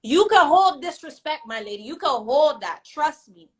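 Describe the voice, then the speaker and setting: A young woman vlogger with a high, animated voice speaks at normal speed on a low-quality recording. In a story time rant she gives her side bluntly and defiantly, swearing heavily and repeating herself for emphasis.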